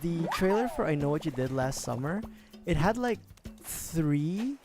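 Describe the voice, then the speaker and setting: A man's voice: medium pitch, a little mellow. A young man streaming a game, chatting casually in a rambling way, swearing and laughing often. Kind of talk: casual livestream chat while gaming.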